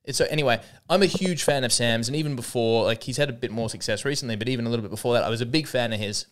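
A man around thirty with an Australian accent, a comedian hosting a podcast, telling stories in a rambling, animated way with lots of restarts. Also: mid-range voice, very fast. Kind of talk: casual comedic monologue.

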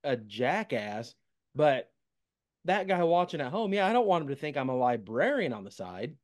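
A man hosting a casual podcast interview, telling stories in a relaxed, self-deprecating way. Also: on the high side, moderate pace. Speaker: podcast host.

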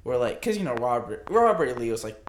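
A man's voice: medium pitch, sing-song, quick pace. Young man rambling, echoey room. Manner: rambling, self-correcting storyteller. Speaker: podcast co-host. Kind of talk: casual chat. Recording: echoey room with loud background noise.

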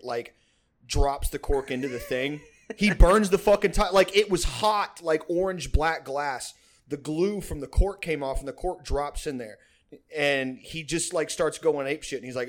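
A young man hosting a podcast, telling a long story in a rambling, profane way, full of "like" and laughs. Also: on the high side. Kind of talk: casual storytelling chat.

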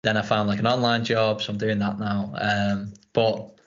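A young man who hosts a podcast, talking in a relaxed, rambling way and swearing casually. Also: fairly low pitch, normal speed, muffled recording. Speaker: podcast host. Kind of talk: casual chat.

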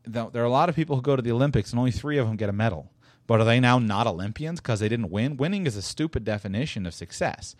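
This podcast host speaks in an animated, fast, mid-range male voice with no echo. Alone on his own show, he rambles casually but emphatically, often restarting and repeating lines, and laughs softly while driving a point home.

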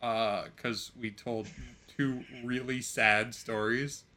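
A man's voice: medium pitch, fairly even intonation, slow, bright, forceful tone. A man co-hosting a podcast in casual chat, with dry, wry humor. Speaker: podcast co-host.

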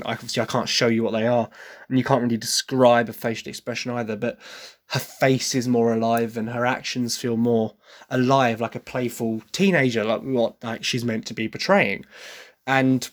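English man, podcast host, casual solo commentary, hesitant and chatty, mid-pitched. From England. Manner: chatty, hesitant, breaks into sung impressions. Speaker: podcast host reviewing a musical.

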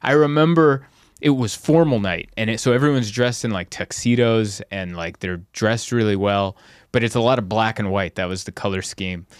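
A comedian telling stories in a casual podcast chat, animated and often laughing as he mimics people. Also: lowish voice, normal speed, smooth, no room sound, clean studio sound.

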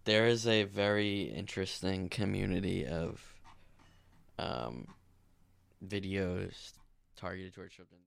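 A man's voice: low voice, takes it slowly, creaky, long pauses. A man co-hosting a podcast in casual chat, rambling and profane, going off on tangents. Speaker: podcast co-host.

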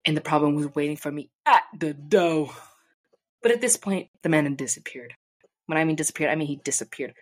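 A young woman vlogger casually telling a profane, animated story, acting out the people she quotes. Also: deep voice, a little fast. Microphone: desk mic.

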